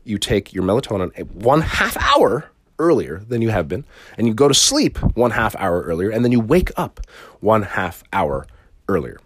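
A man with a lowish voice hosts a solo podcast and talks casually. His pitch swings widely as he rambles and swears, and he often stops to restart a sentence. Faint guitar plays behind him. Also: sing-song, moderate pace, slightly rough. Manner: rambling and profane, with frequent restarts. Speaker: podcast host.

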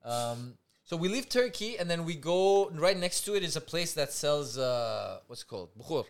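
A man co-hosting a podcast, telling a night-out story in a loose, profane, animated way and acting out what people said. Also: a little high, moderate pace. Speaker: podcast co-host. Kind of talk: casual storytelling chat.

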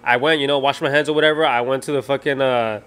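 A man's voice: medium pitch, fairly even intonation, quick pace, a bit bright, smooth. A young man co-hosting a podcast, telling stories in casual profane chat and mixing in Spanish slang. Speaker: podcast co-host.

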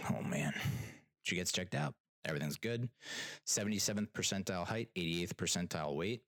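A man's voice: deep voice, a bit bright, no room sound. A young man, a father, telling a story in a rambling, exasperated way, full of restarts and trailing asides. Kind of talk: casual storytelling monologue.

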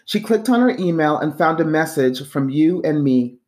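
Narrator: woman with a deep voice, steady audiobook reading. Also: moderate pace. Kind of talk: scripted narration.

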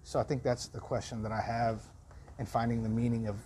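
Raspy-voiced man musing aloud. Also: medium pitch, flat delivery, warm tone, a little hiss or hum. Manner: self-searching, halting with many restarts. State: raspy from dehydration. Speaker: vlogger. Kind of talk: reflective personal vlog.

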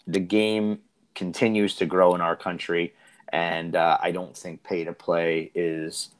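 Podcast host, male, lowish voice, loose and animated with lots of false starts. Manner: animated, rambling, many restarts. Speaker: soccer coach and podcast host. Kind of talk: casual podcast discussion.

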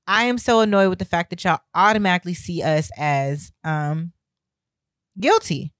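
A woman's voice: on the low side, lively intonation, moderate pace, no room sound. A woman vlogging a heated opinion rant, talking bluntly with heavy swearing and exasperated emphasis.

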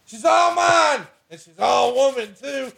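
A man putting on the voice of a loud, boastful backwoods husband cooking over a campfire, hollering and profane. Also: extremely high pitch, animated, unhurried, gravelly, pitched above the performer's own voice, exaggerated voice.

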